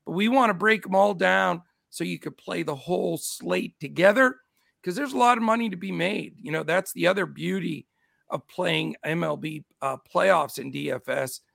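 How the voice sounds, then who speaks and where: A man's voice: high voice, normal speed, gravelly, no echo, clean studio sound. A middle-aged man with a scratchy voice hosting a casual sports betting show, upbeat as he greets his chat. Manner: upbeat, shouts out chat names. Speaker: show host.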